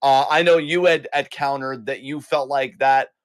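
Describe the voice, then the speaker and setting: A man's voice: mid-range voice, steady tone, moderate pace, clean tone, no room sound. Chatty man hosting a podcast. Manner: rambling, self-correcting, chatty. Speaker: podcast co-host. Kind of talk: casual chat.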